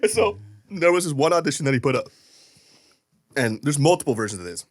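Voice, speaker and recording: A man's voice: fairly high pitch, expressive, brisk, dry recording, clean studio sound. A man co-hosting a podcast, telling a story in casual chat and swearing freely. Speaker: podcast co-host.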